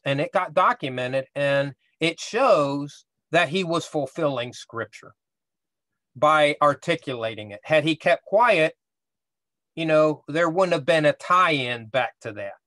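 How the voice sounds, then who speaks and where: A man's voice: on the high side, a bit bright, dry recording. A man teaching a casual Bible study class, explaining step by step and often checking in with "right?".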